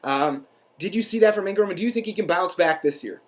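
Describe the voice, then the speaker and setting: A young man hosting a comedic sports recap, deadpan and mock-serious, self-deprecating, with lots of ums and uhs. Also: high voice, fast talker. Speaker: host.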